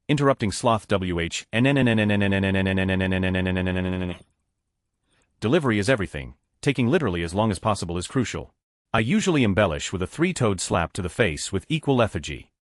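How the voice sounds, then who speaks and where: Guy with a lowish voice reading reddit jokes, bouncy up and down, super dry close mic. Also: no echo. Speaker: narrator.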